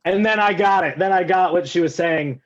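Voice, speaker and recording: Stand-up man, slightly high voice, self-deprecating, rambling, lo-fi call audio. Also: brisk. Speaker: stand-up comedian. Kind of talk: stand-up set over a video call. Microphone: video call.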